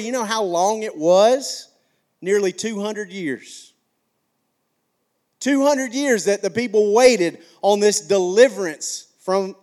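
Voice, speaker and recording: A middle-aged man from Alabama with a Southern accent, preaching a sermon with earnest rhetorical questions and emphatic declarations. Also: sits high. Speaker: pastor.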